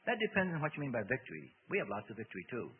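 A man's voice: mid-range voice, huge pitch swings, racing, slight background noise, voice pushed down. A man voicing a smug, resigned male demon, talking matter-of-factly and relishing trouble. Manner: matter-of-fact, smugly relishing. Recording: tinny radio broadcast with long hall reverb.

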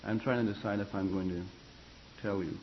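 A man's voice: lowish voice, fairly even intonation, brisk, muffled recording, slight background noise. A man teaching a choir class on vocal expression, talking in a loose, conversational way and spelling out musical terms. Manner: conversational, rambling, fillers and restarts, spells out terms. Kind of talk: classroom lecture on singing.

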